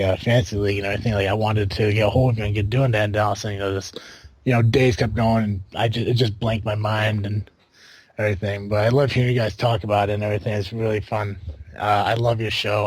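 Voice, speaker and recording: Rambling American podcast host, dry sound. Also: male voice, fairly low pitch, little pitch movement, fast talker, no echo. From United States. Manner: rambling with many fillers and restarts. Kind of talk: casual podcast chat.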